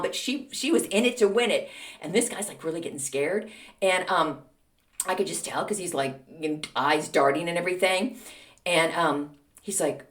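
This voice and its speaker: A middle-aged woman, the host of a podcast, telling a story in a chatty, animated way and calling her listeners "people". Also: mid-range voice, moderate pace. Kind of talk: casual anecdotal storytelling. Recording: echoey room.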